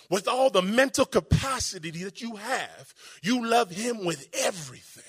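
A man preaching a sermon in an emphatic, conversational way, slowing down for quoted scripture and pausing for effect. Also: high voice, slightly rough.

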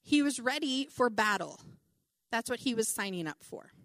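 A middle-aged woman preaching a conversational Bible teaching, animated and chatty, with many asides and "like"s. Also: fairly high pitch, moderate pace, no room sound, studio quality.

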